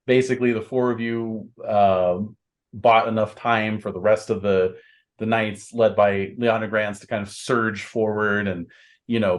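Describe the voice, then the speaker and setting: A man narrating as game master of a tabletop game, unhurried, with many fillers and restarts. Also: fairly low pitch.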